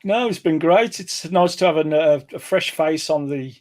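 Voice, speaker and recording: A man with a West Midlands accent co-hosting a casual podcast, easygoing, agreeing readily and quick to laugh. His voice sits slightly high. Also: darkish tone. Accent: West Midlands English. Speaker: podcast co-host.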